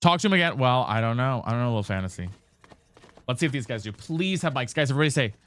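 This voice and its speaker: This live gaming stream features a man with a medium-pitched, fairly bright voice, lively intonation, and a quick pace. He chats casually, curses, addresses the audience as "girl and guys," and repeatedly asks teammates about mics.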